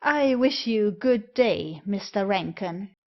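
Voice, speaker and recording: A woman reading a coldly polite, haughty gentleman. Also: mid-range voice, animated, slow. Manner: icily polite, formal. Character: cold, haughty male fellow traveller, coolly superior. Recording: dull lo-fi recording.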